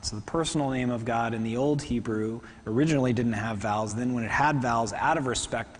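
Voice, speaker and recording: A man preaching a sermon to a congregation, talking fast and conversationally with asides. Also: medium pitch, long reverb tail, slight background noise. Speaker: pastor. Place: church hall.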